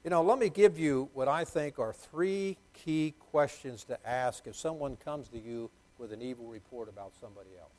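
A man's voice: mid-range voice, moderate pace, few pauses, darkish tone, poor audio. A middle-aged man preaching a sermon, emphatic and repetitive, putting questions to the congregation. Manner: emphatic, repeats key words, quizzes the congregation. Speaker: pastor.

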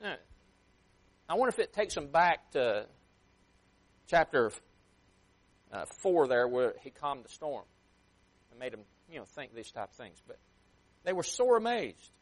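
A man preaching a sermon with emphatic swings in loudness and pace, sometimes acting out a parent scolding a child. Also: a little high, very animated, unhurried, long pauses. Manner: emphatic, rising and dropping sharply for effect.

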